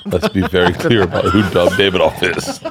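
A man's voice: low voice, animated, a little fast, noisy background. A middle-aged man, a guest on a podcast, chatting casually and telling stories with laughs and put-on voices for the people he quotes.

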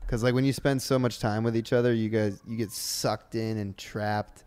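Smooth-voiced teasing young man. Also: on the low side, steady tone, moderate pace, a little mellow. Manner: teasing, wisecracking banter. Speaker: podcast co-host. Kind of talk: casual chat.

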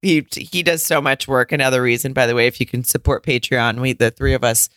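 A woman co-hosting a podcast in casual chat, candid and quick to laugh, swearing freely. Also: rumbling low, steady tone, a bit bright, dry recording, clean studio sound. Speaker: podcast co-host.

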